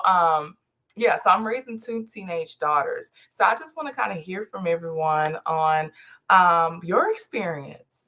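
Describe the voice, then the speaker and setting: Animated woman telling a story. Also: lowish voice. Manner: animated storytelling, acting out both sides of conversations. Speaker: podcast host. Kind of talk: casual solo podcast chat.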